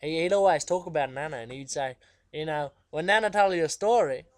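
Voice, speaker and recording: A man's voice: fairly high pitch, fairly quick, dry recording, lightly acted. A man with an Australian accent playing a cheeky, laid-back guitarist who rambles in slang in a comic interview. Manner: rambling, slangy, full of fillers. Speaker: musician being interviewed. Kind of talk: comedic character interview.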